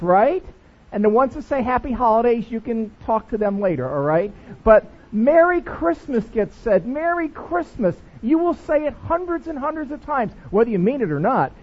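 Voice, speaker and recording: Animated high-voiced male pastor. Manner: playful, animated, jokey with the congregation. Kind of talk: sermon. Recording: dull lo-fi recording.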